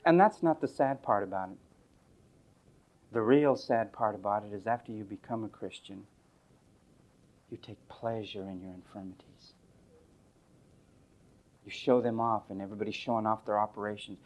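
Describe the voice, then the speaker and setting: A male pastor preaching a sermon in a sarcastic, mocking storytelling manner, swinging from loud outbursts to low asides. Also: moderate pace, long pauses.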